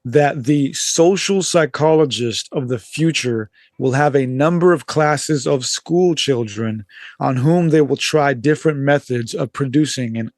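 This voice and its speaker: A man's voice: mid-range voice, no room sound, clean studio sound. A man as a podcast guest, explaining at length in a laid-back way, with casual swearing.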